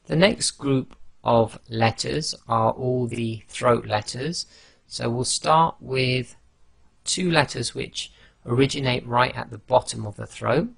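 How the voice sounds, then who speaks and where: Slow, gravelly-voiced male tajweed teacher. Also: medium pitch, a bit bright, no echo. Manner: patient, demonstrates each letter sound slowly. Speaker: Quran recitation teacher. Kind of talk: slow instructional explanation.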